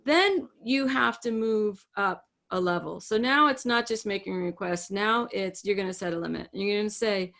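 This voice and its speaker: A woman's voice: medium pitch, moderate pace, gravelly, hardly any pauses, fairly bright tone. A woman co-hosting a podcast, giving firm, direct advice in casual chat and acting out example lines. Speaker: podcast co-host, relationship coach.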